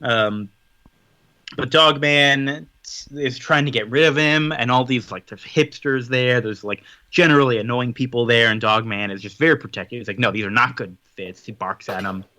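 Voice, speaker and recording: A man co-hosting a podcast in casual chat, summarizing a story with quick acted-out quotes. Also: medium pitch, pushed and bright, no echo. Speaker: podcast co-host.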